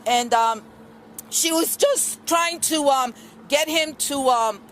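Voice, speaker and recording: Woman, middle-aged, high voice, earnest, rambling with fillers, outdoor news recording, faint traffic. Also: slow pace, a bit bright. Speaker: witness at a press conference. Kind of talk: press conference statement. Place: outdoor street press conference. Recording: news camera outdoors, faint street noise.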